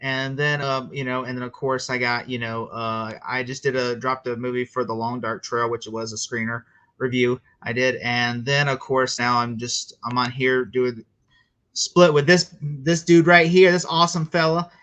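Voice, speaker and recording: A young man chatting casually as a guest movie reviewer, animated and full of fillers, mocking what he quotes. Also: mid-range voice, moderate pace, clear, resonant tone. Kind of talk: casual podcast chat.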